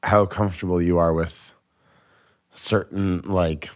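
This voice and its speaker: A comedian, a man, chatting as a podcast guest and telling jokes in an animated way with quick asides. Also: low-pitched. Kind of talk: casual podcast conversation.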